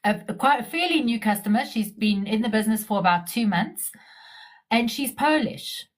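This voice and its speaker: A middle-aged woman on a casual live-stream chat, telling her story in a chatty, animated way with many restarts. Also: on the high side, normal speed. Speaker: community member sharing her story.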